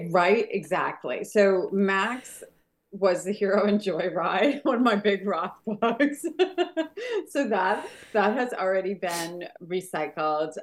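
Giggly woman author being interviewed. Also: fairly low pitch. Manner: giggly, apologetic, rambling. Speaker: author and guest. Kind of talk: casual interview chat.

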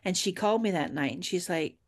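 An author guest chats casually about her books with a fairly low voice, talking fast. While telling a story, she acts out the quoted dialogue.

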